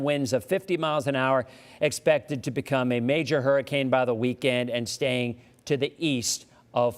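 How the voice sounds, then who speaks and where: A man hosting a live weather show, chatting in an upbeat, talkative way with a guest. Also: medium pitch. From Florida. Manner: upbeat, talkative, quick asides.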